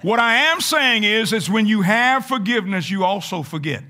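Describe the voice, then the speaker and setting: A man, a pastor, preaching a folksy, animated sermon to his congregation in church, sometimes rising to shouts. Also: sits high, moderate pace. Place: church sanctuary.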